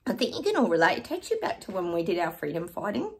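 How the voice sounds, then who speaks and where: A woman's voice: lowish voice, sing-song, fast. A woman, hosting her own psychic channel and chatting casually and effusively to her viewers.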